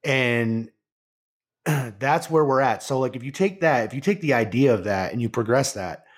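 A man hosting a podcast in casual chat, rambling and excitable with lots of fillers and swearing. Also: medium pitch, moderate pace. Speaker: podcast host.

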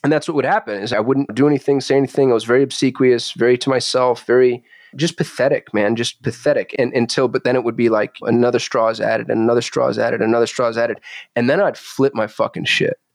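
A man's voice: medium pitch, quick pace, vocal fry. A man speaks candidly as a podcast guest, intense and confessional, swearing freely. His voice sits in a middle register, and the sound is dry and close with no room echo. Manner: intense, swearing, confessional, animated when retelling. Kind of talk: candid conversational storytelling. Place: Phoenix.

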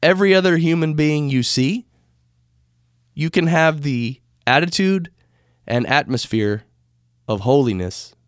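This man's voice sits a little high, with lively intonation, an unhurried pace and long pauses. He's an American podcast host chatting loosely about spirituality, rambling and fixing his own words into a studio microphone. The audio is clean and echo-free.

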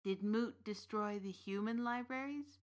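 A woman's voice: medium pitch, a little slow, natural voice. A woman reading the lines of an earnest, grieving young man full of questions in an audiobook story.

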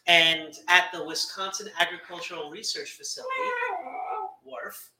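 A man's voice: high-pitched, expressive, moderate pace. A man in casual podcast chat who explains at length, laughing often and adding asides. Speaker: podcast guest, doctor. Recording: roomy sound with faint noise.

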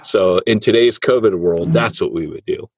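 A man's voice: sits low, moderate pace, husky, dry recording. A man co-hosting a podcast, chatting casually and teasing his co-host. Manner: joking, teasing banter. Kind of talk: casual chat. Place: home under renovation, drywalling.

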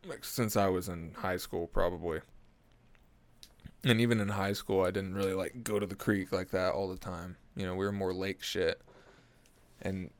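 A man's voice: sits low, steady tone, moderate pace. A man, rambling through a profane, jokey monologue as a podcast host. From Oklahoma. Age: early 20s. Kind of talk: casual comedic monologue.

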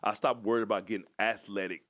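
Male podcast co-host, lower voice, loose informal storyteller. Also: fairly even intonation, quick pace, fairly bright tone. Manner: informal, rambling, reflective. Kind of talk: casual conversational storytelling.

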